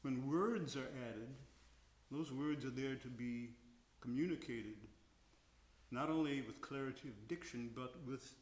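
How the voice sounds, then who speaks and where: A man's voice: medium pitch, echoey room. An older man, a veteran opera tenor, talking reflectively about singing at a stage Q&A and now and then singing short examples. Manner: reflective, slow, sings short examples to illustrate. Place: concert house stage.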